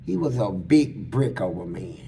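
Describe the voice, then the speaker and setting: A man's voice: deep voice, sing-song, moderate pace, gravelly, noisy background. A man as an interview guest, telling stories in casual, blunt and crude street slang, acting out other people's lines as he goes. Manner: acts out other people's lines mid-story. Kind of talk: casual storytelling about prison life.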